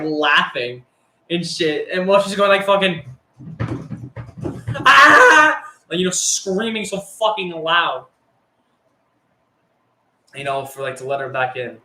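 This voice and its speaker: A young man with a fairly high, sharp-toned voice casually recounts a story from his school days, unhurried and pausing often. He rambles, swears, and uses lots of fillers, in an echoey room.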